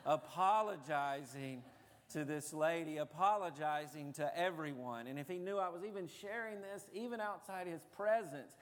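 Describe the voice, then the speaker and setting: A man's voice: on the high side, moderate pace, in a large hall. A man preaching a sermon as a pastor, telling stories in a conversational way with frequent fillers.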